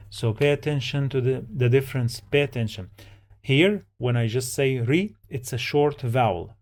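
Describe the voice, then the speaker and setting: Slow, patient male Arabic teacher. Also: medium pitch, a little mellow. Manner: repeats each word and syllable slowly, explaining every rule. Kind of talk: slow, patient language lesson.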